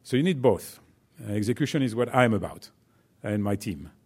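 A man's voice: on the low side, lively intonation, normal speed, darkish tone, slightly rough. A man with a French accent, a company executive giving a chatty business talk to students, full of fillers and "right?" check-ins.

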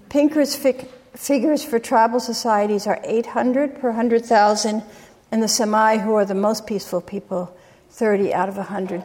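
Woman lecturing in a reverberant hall. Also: fairly high pitch. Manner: retells field stories, quoting people with lively inflection. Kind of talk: academic lecture with storytelling.

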